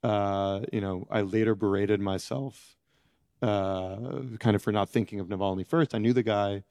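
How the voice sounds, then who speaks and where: A middle-aged man giving reflective interview answers, halting and searching for words as he goes. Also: fairly low pitch, fairly even intonation, a little mellow, dry recording, clean studio sound. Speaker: interview guest, former prisoner.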